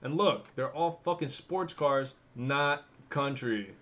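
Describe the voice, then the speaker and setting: A man's voice: mid-range voice, slow pace, a bit bright. A young man giving casual, offhand commentary, thinking aloud and swearing as he browses. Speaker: vlogger.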